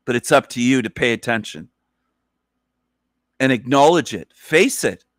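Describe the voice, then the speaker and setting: A man's voice: medium pitch, fairly bright tone, no echo, studio quality. A man hosting a ranting commentary, scornful and insulting, repeating his phrases over and over. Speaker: channel host reacting to a clip.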